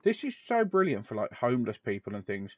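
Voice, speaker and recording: A man's voice: medium pitch, big pitch swings, fast talker, no room sound. Casual male podcast host, laughs easily, swears now and then, lo-fi home recording. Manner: laughs often, swears casually, reads aloud from a web page. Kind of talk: casual chat.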